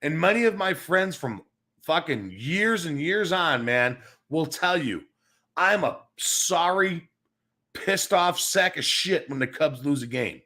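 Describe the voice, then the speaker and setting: A man's voice: fairly high pitch, animated, slow pace, sharp tone. A man hosting a sports talk livestream, ranting with heavy swearing, repeating himself and reading out viewer comments. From Chicago area. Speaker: sports talk show host. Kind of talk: profane livestream sports rant.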